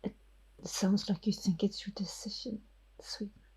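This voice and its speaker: A woman voicing a cruel female vampire elder who taunts in a breathy, whispery voice. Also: mid-range voice, fairly even intonation, unhurried, darkish tone, low-quality recording. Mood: menacing. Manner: silky and taunting.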